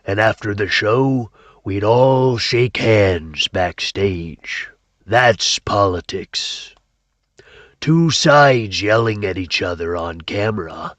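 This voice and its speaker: A man voicing a cynical male commentator who speaks in a slow, grim, knowing way. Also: fairly low pitch, fairly bright tone, no room sound, pitched below the performer's own voice.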